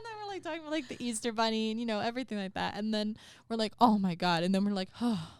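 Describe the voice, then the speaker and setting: A woman's voice: a little high, rapid-fire, smooth, dry recording, studio quality. A young woman co-hosting a podcast, chatting casually and acting out quotes as she tells stories. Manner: animated storyteller, acts out quotes. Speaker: podcast co-host. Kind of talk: casual chat.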